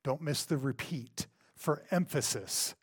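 Unhurried and slightly breathy, this mid-range male voice belongs to a pastor delivering a sermon. He hammers points through repetition and alternates between booming outbursts and quiet asides.

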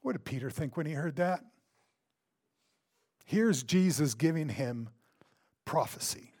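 A male pastor delivers a sermon in a somewhat high voice. He leans hard on his points, repeating words for stress. His delivery swings from loud, forceful bursts to quiet asides. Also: animated, a little slow, slightly rough. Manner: dramatic swings between loud and hushed.

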